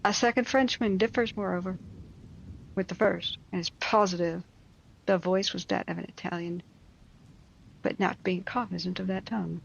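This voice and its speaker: Woman, story reader, wry mocking asides, explains old words, gravelly, muffled lo-fi recording. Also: lowish voice, steady tone, normal speed, pauses often, slight background noise. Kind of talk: reading a classic story aloud with asides.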